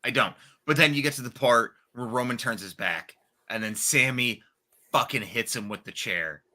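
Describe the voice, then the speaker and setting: A young adult man co-hosting a casual wrestling podcast, telling the story with excited, profane energy. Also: mid-range voice, moderate pace. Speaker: podcast co-host.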